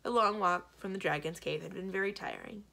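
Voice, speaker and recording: Woman, library read-aloud, lowish voice, husky texture. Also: fairly quick. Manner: expressive storytelling. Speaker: library reader. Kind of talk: children's book read-aloud.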